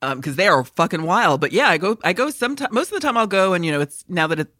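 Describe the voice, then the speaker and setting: Bright-voiced, cussing storyteller woman. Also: lowish voice, animated, quick pace, dry recording, clean studio sound. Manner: profane, laughing storyteller. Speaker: podcast co-host. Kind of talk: casual chat.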